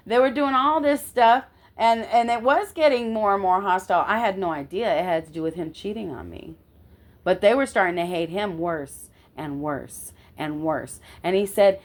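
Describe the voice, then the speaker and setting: A vlogger recounts something that happened to her in casual talk, speaking with force and indignation. She swears now and then and keeps checking that the listener is following. Her voice is fairly low in pitch and unhurried.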